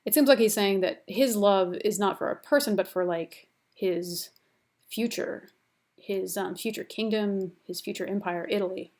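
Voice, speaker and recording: A woman's voice: medium pitch, moderate pace, a little mellow. A young woman lecturing on a classical epic in a casual, chatty way, paraphrasing with many fillers and restarts. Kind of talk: recorded university lecture.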